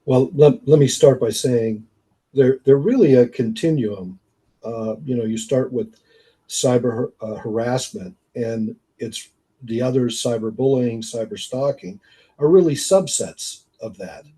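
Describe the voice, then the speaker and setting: A man as a podcast guest, explaining in a measured way. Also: medium pitch, warm tone, husky, recorded from a distance.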